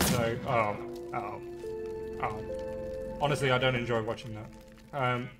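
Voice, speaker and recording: Man, live gameplay commentary, excitable, talks to viewers, loud game music behind. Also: mid-range voice, measured pace. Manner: chatty, excitable, thinks aloud to viewers. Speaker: game streamer.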